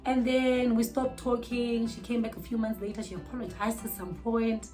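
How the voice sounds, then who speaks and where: A young South African woman telling a storytime vlog with animated, outraged bursts. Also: a little high, normal speed, faint music behind, poor audio. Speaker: vlogger.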